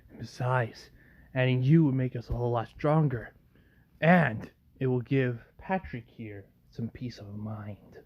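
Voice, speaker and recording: A man's voice: mid-range voice, measured pace, lo-fi sound, lightly acted. A man doing a sly whispering symbiote. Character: alien symbiote creature speaking as a group, sly and menacing.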